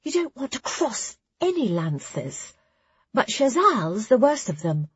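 A woman's voice: a little high, sing-song, normal speed, husky, no echo, highs cut off, pitched above the performer's own voice, full character voice. A woman voicing a knowing young girl novice who talks in a dry, hissing way. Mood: hushed.

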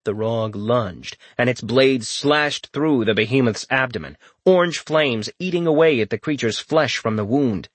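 A man's voice: medium pitch, lively intonation, unhurried, hardly any pauses, no echo. Man narrating a fantasy audiobook.

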